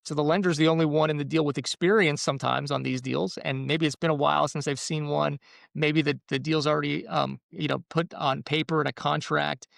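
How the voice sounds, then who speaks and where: A man's voice: fairly high pitch, fairly even intonation, fairly quick, gravelly, a bit bright, dry recording, clean studio sound. A man in the mortgage business explaining home deals in casual podcast chat, rambling with restarts. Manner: rambling, restarts, acts out buyer and seller quotes. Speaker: mortgage professional.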